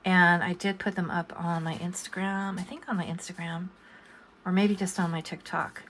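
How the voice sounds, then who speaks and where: Sitting at her home drawing desk, an older coloring book artist from the USA rambles casually as she draws, hesitating with lots of fillers. She speaks fairly low and flat at a moderate pace; the sound is a bit bright with slight background noise.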